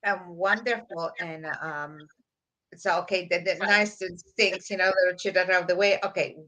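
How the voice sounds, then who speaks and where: A woman's voice: lowish voice, moderate pace, sharp tone. A woman co-hosting a podcast, giving brief, agreeable replies in casual chat. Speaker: podcast co-host.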